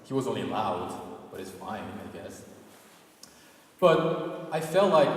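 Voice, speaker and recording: A young man performs a live story in a gallery space with an echoey, hall-like sound, speaking far from the mic. He's a performance artist with a lowish voice, big pitch swings, a slow pace and long pauses, talking casually with many "like" fillers.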